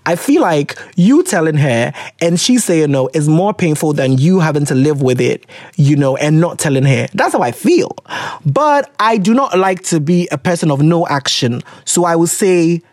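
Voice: medium pitch, lively intonation, moderate pace, a little mellow, no echo, studio quality. A podcast host with a Ghanaian accent, giving casual advice on listeners' letters and slipping Twi phrases into English.

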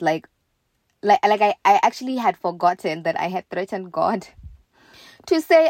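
A woman casually telling a personal story in an animated way, acting out the lines of the people in it. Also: mid-range voice, normal speed, no room sound. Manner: animated, quoting others in her own voice.

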